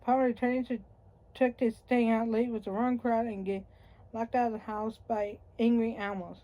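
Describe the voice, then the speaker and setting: A woman's voice: a little high, level tone, moderate pace, lo-fi sound. A woman reading a nonfiction history book aloud, wry and conversational with occasional slips and restarts. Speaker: audiobook reader.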